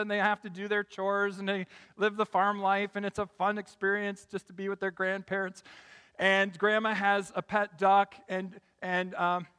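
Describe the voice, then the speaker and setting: A male pastor delivers a sermon in a large room, and his voice trails into a long reverb. He builds to emphatic peaks and then drops low and quiet for his stories. His voice is high and bright. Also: clean tone.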